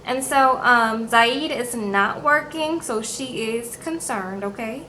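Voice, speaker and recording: A young woman recapping reality TV episodes in a sassy, animated vlog chat, acting out people's lines. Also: fairly high pitch, slow, slight background noise, rough recording. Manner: sassy, animated, acts out quotes in put-on voices.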